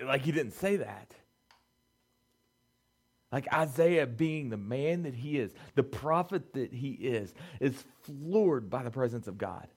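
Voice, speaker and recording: A young adult man giving a conversational, animated sermon to young people, full of rhetorical questions. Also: medium pitch. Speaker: youth pastor.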